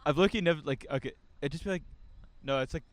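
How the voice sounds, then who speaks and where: A young man with a smooth, resonant voice explaining something at a rapid clip, peppered with "like"s. His pitch sits a touch high for a man. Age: young adult. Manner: explains with lots of fillers. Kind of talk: casual chat.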